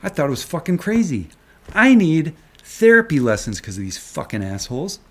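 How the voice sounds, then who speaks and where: A man's voice: on the high side, big pitch swings, moderate pace. A man ranting on a live stream, angry and sarcastic, swearing and taunting with rhetorical questions. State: agitated. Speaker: stock market commentator.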